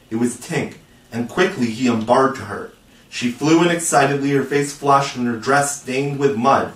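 A man narrating a storybook chapter in a dramatic, measured, expressive way. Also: mid-range voice. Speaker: audiobook reader. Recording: roomy, distant mic.

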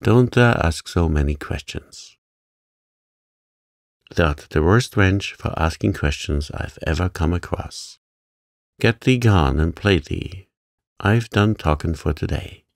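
Guy doing a grumpy old gardener, super deep gravelly voice, slow and curt. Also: lively intonation, darkish tone, no echo, studio quality, full character voice. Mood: cross. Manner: grumbling, curt, dialect speech. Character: gruff old male Yorkshire gardener, grumbling.

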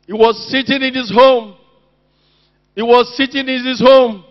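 A man's voice: very high voice, steady tone, unhurried, dull audio. A man preaching a sermon at a church service, calling out to the congregation with passion. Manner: impassioned, calls out to the congregation.

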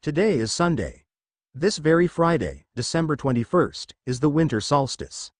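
A man voicing a wise old centaur mentor who speaks in a measured, cautioning way, in a fantasy story reading. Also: fairly high pitch, lively intonation, dry recording, clean studio sound. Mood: grave.

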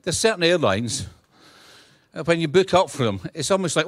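Middle-aged Scottish man as a guest preacher: humorous storyteller, slightly high voice, dry close mic. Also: moderate pace, dry recording. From Scotland. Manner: humorous, animated, acts out dialogue. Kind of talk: sermon with storytelling.

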